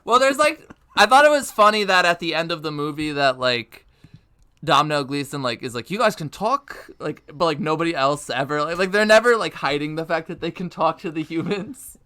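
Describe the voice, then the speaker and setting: Bright, clear-voiced rambling podcast guy. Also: fairly high pitch, animated, moderate pace. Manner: rambling, lots of filler and goofy put-on voices. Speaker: podcast co-host. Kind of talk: casual comedic chat.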